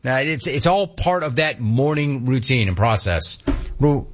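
A man in his fifties hosting a call-in talk radio show, ranting with animated energy and mocking voices. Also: unhurried, dull audio. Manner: animated ranting, mocks cheerful clerks in a high voice. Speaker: radio talk show host taking calls.

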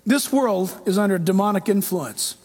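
A man pastor preaching a sermon in an animated way, acting out quoted voices. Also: high-pitched, moderate pace, slightly rough.

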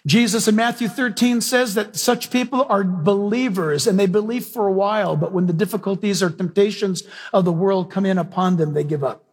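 High, husky-voiced male preacher. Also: a little fast, hardly any pauses. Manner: emphatic, questions the audience, animated storytelling. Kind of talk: sermon.

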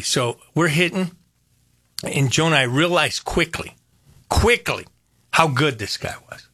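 An older man hosting a radio show in casual chat, telling stories with animated repetition. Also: fairly high pitch, moderate pace, no room sound, clean studio sound. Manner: animated, storytelling, repeats phrases. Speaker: radio host.

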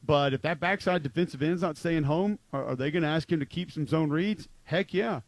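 A little high and a little fast, this man's voice drives casual, emphatic sports chat as co-host of a football talk show. He rambles with frequent "like" fillers over a dry recording.

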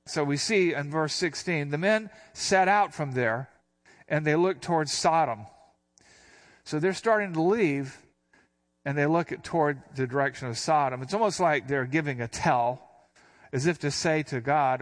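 An older man giving a conversational sermon, explaining a Bible passage verse by verse in a relaxed, plain-spoken way and slowing down to read the scripture. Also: fairly high pitch. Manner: slows down when reading scripture. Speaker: Bible teacher.

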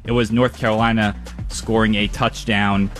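A man's voice: lowish voice, flat delivery, moderate pace, fairly bright tone, faint music behind. A man with a New York–New Jersey accent giving a loose, ad-libbed sports scores update. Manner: loose, ad-libbed, hesitant delivery.

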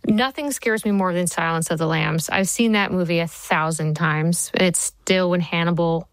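A woman in her forties, a TV writer being interviewed, telling stories in a lively way and laughing easily. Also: on the low side, moderate pace, dry recording, rough recording. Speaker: TV writer and showrunner, interview guest. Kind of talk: conversational interview answers.

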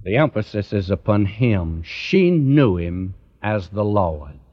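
Slow, lively-voiced man preaching a sermon. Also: lowish voice. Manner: earnest, addresses listeners directly with rhetorical questions. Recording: dull lo-fi recording.

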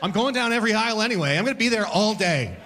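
A man in his thirties works a comedy club stage with a handheld mic. His voice sits a little high and swoops all over as he tells his stories. Now and then he jumps into loud, sudden outbursts, acting out scenes. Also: animated, very fast, noisy background. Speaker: stand-up comedian. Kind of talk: stand-up comedy set. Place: comedy club stage before a live audience.

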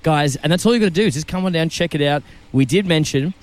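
A man's voice: a little high, quick pace, a little hiss or hum. A man co-hosting a live radio outside broadcast, talking up prizes with enthusiastic promotional patter. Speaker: radio co-host.

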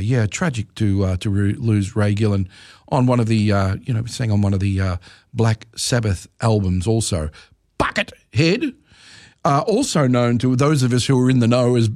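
A man's voice: medium pitch, darkish tone, no room sound, clean studio sound. A man hosting a music radio show, rambling and correcting himself with chuckling asides. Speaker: radio presenter. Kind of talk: casual radio chat.

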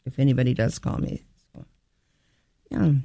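A woman's voice: very deep voice, moderate pace, creaky, warm tone, no echo, clean studio sound. A woman co-hosting a casual radio-style chat, telling rambling stories. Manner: rambling, chatty storyteller. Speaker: co-host.

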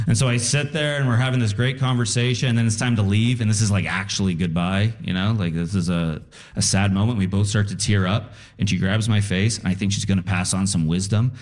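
A man's voice: lowish voice, fairly quick. A man doing a stand-up comedy set on a live stage, telling personal stories. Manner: storytelling with animated voices for quotes.

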